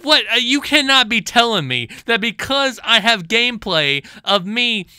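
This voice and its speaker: A man's voice: very high voice, very animated, moderate pace, sharp tone, clean tone, no echo, clean studio sound. A man hosting a commentary vlog, ranting in an exasperated, sarcastic way with lots of stammering restarts. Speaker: channel host.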